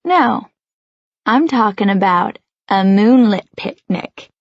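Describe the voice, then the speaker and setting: A woman's voice: mid-range voice, lively intonation, slow pace, dry recording, muffled recording. A woman voicing a playful, charming teenage boy with a teasing manner in an audiobook.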